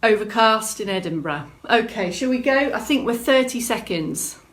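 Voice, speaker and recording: Lady fitness instructor on a live stream, fairly high voice, chatty, reading out comments. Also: expressive, moderate pace. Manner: chatty, reads out viewer comments; encouraging, gives clear prompts. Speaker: exercise instructor. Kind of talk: live-streamed movement class.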